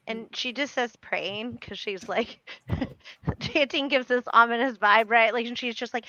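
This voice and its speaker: High-voiced woman player, giggly. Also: measured pace, pushed and bright, no room sound, lo-fi sound. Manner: giggly, hesitant, lots of fillers. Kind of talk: casual tabletop play.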